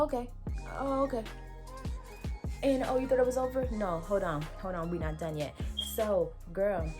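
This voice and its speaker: A young woman in her twenties recounts a story for her vlog in lively, slang-heavy talk. Her delivery is casual and full of fillers at a middle pitch. Clear background music plays under her voice. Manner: animated, slangy, many fillers. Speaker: vlogger.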